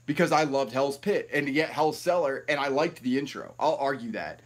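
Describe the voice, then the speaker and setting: A man's voice: mid-range voice, brisk. A man hosting a live stream, ranting in a rambling, profane, heated way.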